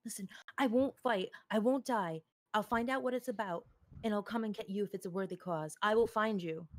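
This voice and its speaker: A woman's voice: mid-range voice, brisk, no echo, close to an everyday voice. A woman voicing a proud, wounded young woman soldier who pleads earnestly for a chance at redemption, in a tabletop game. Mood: earnest resolve.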